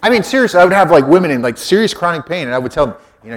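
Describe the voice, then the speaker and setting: A middle-aged man gives a homily as a Catholic priest. He talks in a relaxed, conversational way, and his voice sits a little high and rises and falls a lot as he acts out what people say. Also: rapid-fire. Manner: conversational, animated preaching with acted-out quotes. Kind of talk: sermon.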